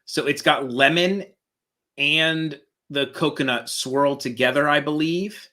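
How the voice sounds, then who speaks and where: Jokey dad type chatting on a live show, bright forward voice, riffs on rhymes. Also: male voice, fairly high pitch, unhurried. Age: adult parent. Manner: playful, jokey, riffs on rhymes while describing food. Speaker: co-host of a Disney talk show. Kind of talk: casual live-stream chat.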